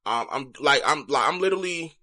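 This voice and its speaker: A man's voice: fairly high pitch, lively intonation, brisk, sharp tone. A young man talking to viewers in a candid, chatty confessional vlog. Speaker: vlogger.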